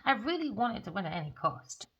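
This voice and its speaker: A woman's voice: medium pitch, big pitch swings, a little fast, a bit bright, slightly rough, heavily acted. A woman voicing an apologetic male lover reading his letter aloud in a pleading, sing-song way.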